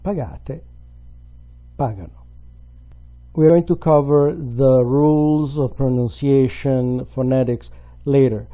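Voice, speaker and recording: A man's voice: mid-range voice, slow, pauses often, lo-fi sound. A man teaching a grammar lesson, explaining patiently step by step. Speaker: Italian language teacher.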